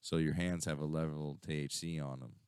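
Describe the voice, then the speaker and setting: A man's voice: extremely low pitch, steady tone, fairly quick, darkish tone, smooth, dry recording, studio quality. A man co-hosting a casual radio chat, rambling and swearing, full of fillers and restarts. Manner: rambling, profane storytelling with many fillers. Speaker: radio show co-host.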